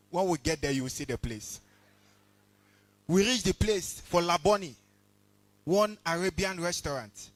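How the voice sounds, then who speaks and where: Comic teasing the crowd. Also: male voice, fairly high pitch, no room sound. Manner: relaxed, teasing crowd work. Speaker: stand-up comedian. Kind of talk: stand-up comedy set with crowd work. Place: comedy awards stage before a live audience.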